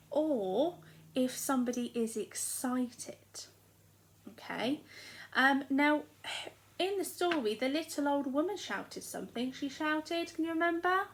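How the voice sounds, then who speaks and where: A young woman with an English accent teaches small children in a recorded lesson. Her voice sits high, and she explains slowly and clearly in an encouraging tone. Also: low-quality recording. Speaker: primary school teacher.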